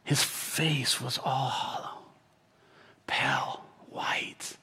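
A man narrates a Bible story from inside a character's shoes, speaking slowly and deliberately. His voice is very breathy and airy, and it often sinks to a hushed whisper. His pitch sits in an ordinary middle range. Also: steady tone. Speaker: storyteller in first person as a biblical figure. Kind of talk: dramatic first-person Bible monologue.

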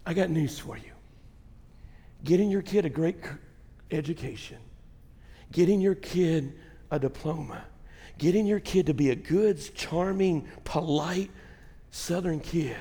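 A middle-aged man preaching a blunt sermon as pastor, swinging from shouts to a hushed near-whisper and speaking straight to his congregation. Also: fairly high pitch, measured pace, long pauses, breathy edge, in a large hall. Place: church sanctuary.

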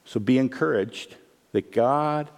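A man preaching a sermon as pastor, animated and humorous, acting out the voices he quotes. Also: mid-range voice, slow pace, creaky, long reverb tail.

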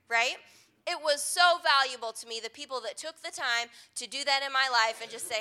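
Woman pastor, young adult, high bright voice, earnest conversational sermon delivery. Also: fairly quick.

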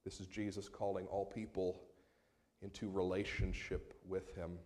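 A man preaching a sermon as pastor, moving between quiet, slowed passages and raised, emphatic appeals. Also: sits low, flat delivery.

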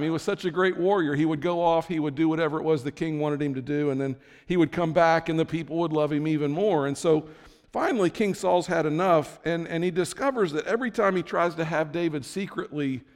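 A man's voice: a little high, brisk, big-room sound. A man preaching a sermon as pastor, conversational, with frequent restarts and asides.

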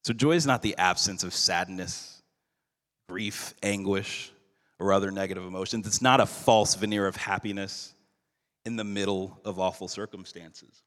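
A male pastor giving a sermon in an earnest, measured way, slowing down for emphasis. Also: sits low, fairly even intonation, a bit bright. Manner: earnest, measured preaching with slowed emphatic phrases. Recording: long hall reverb.

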